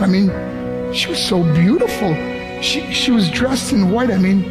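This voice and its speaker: Over background music, a former wrestler from the United States delivers a heartfelt motivational speech, voicing the characters in his story. The middle-aged man's voice sits high, sing-song and brisk.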